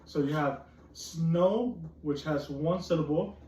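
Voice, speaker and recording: A woman's voice: sits low, takes it slowly, warm tone. A woman teacher leading a phonics lesson with young children, drilling words over and over in a coaxing way. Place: classroom. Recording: echoey classroom from far off, faint noise.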